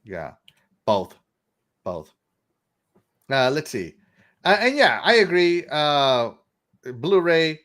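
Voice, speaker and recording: A man's voice: fairly high pitch, very animated, slow, long pauses, fairly bright tone. A middle-aged man from Texas hosting a casual gaming podcast, rambling and laughing as he reads out viewer comments. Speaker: podcast host.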